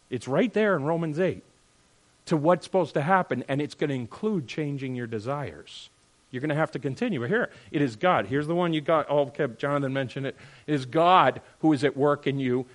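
Animated man teaching a Bible lesson. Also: on the high side. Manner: animated, swings between loud and hushed; talks straight to listeners with frequent "all right?". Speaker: preacher.

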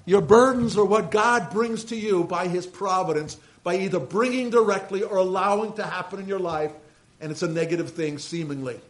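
A man, a pastor preaching a sermon with animated swings between loud emphasis and quiet asides. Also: high-pitched, moderate pace, rough recording.

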